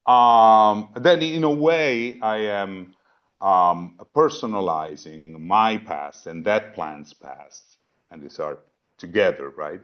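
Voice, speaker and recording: A man with a lowish voice presents a philosophy talk to a virtual audience. He thinks aloud, restarting phrases and tacking on asides. The sound is dull and lo-fi, like a video call. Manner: thinking aloud, repeats words, many asides. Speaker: panel presenter.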